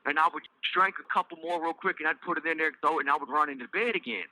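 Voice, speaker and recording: A middle-aged man with a Southern US accent, telling his own life story in a loose, halting way with many fillers and restarts. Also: a little high, pushed and bright, dry recording, poor audio. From Virginia. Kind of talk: casual personal storytelling.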